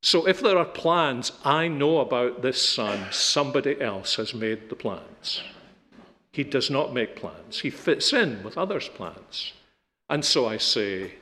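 A middle-aged man preaching a sermon, emphatic, rising to loud peaks and dropping to quiet, slow stresses. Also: sing-song. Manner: emphatic, building to loud peaks then dropping low and soft. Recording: long hall reverb.

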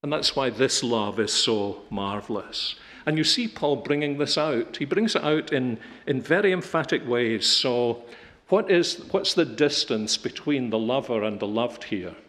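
A middle-aged man preaching a sermon, emphatic, rising to loud peaks and dropping to quiet, slow stresses. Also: lively intonation. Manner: emphatic, building to loud peaks then dropping low and soft. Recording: long hall reverb.

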